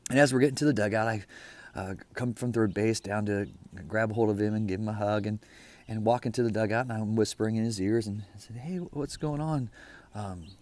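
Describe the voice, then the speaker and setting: A middle-aged man giving an informal sermon, telling a story in a lively, conversational way. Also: fairly low pitch, fast. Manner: storytelling, lively and conversational, drops to a hush for quoted dialogue. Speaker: preacher.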